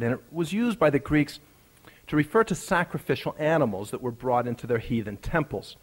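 Man preaching a storytelling sermon. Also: medium pitch. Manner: conversational, builds to emphatic rises.

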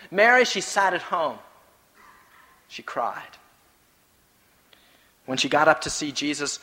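A man preaching a sermon, rising to loud emphatic peaks and dropping to hushed, low phrases. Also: long reverb tail.

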